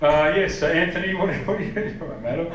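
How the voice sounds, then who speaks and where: A man's voice: fairly high pitch, expressive, quick pace. A man of about forty, doing brash stand-up comedy and bantering with the crowd on a theater stage. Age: 40s. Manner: brash, swearing, talks to the crowd. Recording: echoey theater from far off. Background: audience laughter.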